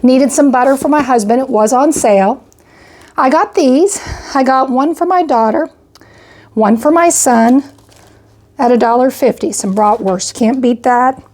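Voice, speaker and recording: A woman's voice: sits high, measured pace, darkish tone. An older woman casually going through her grocery haul item by item, chatty and a little out of breath. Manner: chatty, itemizing purchases with frequent "I got" and "went ahead". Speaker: homestead vlogger.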